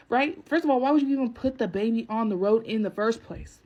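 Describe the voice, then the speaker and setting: A woman telling a story casually to camera in an animated, emphatic, profane way. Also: sits high, fast talker, few pauses, dull audio.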